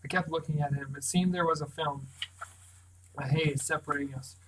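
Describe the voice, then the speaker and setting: A man reads a novel aloud in first person, keeping his narration steady. His melody hardly moves, and his voice sits slightly high for a man. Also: normal speed, a little hiss or hum, rough recording. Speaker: audiobook reader.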